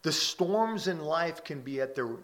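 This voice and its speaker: A man giving a conversational sermon as a pastor. He often restarts his phrases and checks in with "right?", swelling louder on key points and dropping soft and quiet on calm lines. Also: a little high, unhurried.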